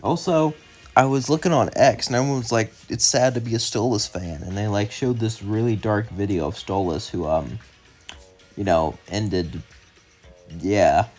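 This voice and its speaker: Low-voiced young man rambling through a fan story. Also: moderate pace, darkish tone, soft background music. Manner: loose run-on narration, many "as" and "would say" links; chatty and rambling in the outro, many fillers. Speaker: channel narrator. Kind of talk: casual fan-fiction storytelling.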